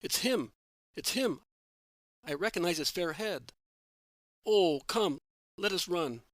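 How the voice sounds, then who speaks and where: Eager male disciple, excited calls, bright forceful tone, a man reading it. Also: high voice, moderate pace, dry recording, studio quality.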